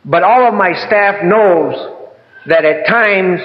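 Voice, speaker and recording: Older guy telling his recovery story, rambly and heartfelt, slightly high voice, muffled lo-fi recording. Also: measured pace, slight background noise. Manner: heartfelt, rambling, peppers with "man" and "you know". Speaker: recovery speaker. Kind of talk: personal testimony talk.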